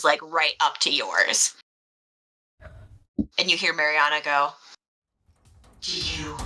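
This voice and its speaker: A woman's voice: low voice, sharp tone, poor audio. A woman running a tabletop game as game master, describing scenes with lots of fillers. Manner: meandering, filler-heavy description.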